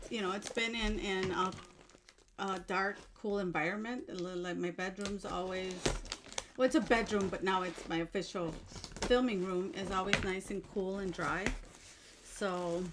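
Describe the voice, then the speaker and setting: Slow-talking gushing woman vlogger. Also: mid-range voice, fairly even intonation, background noise. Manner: gushing, effusive, exclaims often. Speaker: jewelry-making vlogger. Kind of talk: casual unboxing chat to viewers. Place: home bedroom used as filming room.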